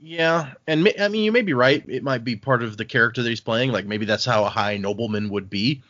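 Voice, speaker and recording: A man hosting a casual book discussion podcast, recapping chapters in an animated way. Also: medium pitch, fairly quick, dull audio. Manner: animated recap, acts out quotes. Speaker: podcast host.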